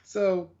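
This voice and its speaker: A man's voice: sits high, dull audio. A man co-hosting a wrestling podcast, recapping matches in a casual, rambling way with lots of fillers. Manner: rambling, hesitant with many fillers.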